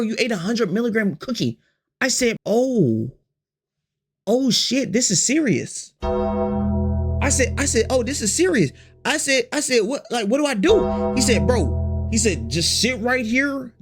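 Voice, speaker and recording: A man spinning a storytime for his chat with a swooping, animated voice. He talks in loose slang, swears freely and doubles back on his own phrases while acting out each quote. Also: extremely high pitch, unhurried, music in the background. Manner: slangy, profane, repeats phrases, acts out quotes. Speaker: storytime vlogger.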